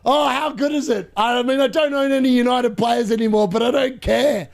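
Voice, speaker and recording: A man streaming a live football watchalong, chatting, laughing, reading the chat and bursting into shouted play-by-play when the action picks up. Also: very high voice, moderate pace, gravelly, few pauses. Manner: excitable, bursts into shouted play-by-play at big moments; chatty, laughs often, reads chat aloud.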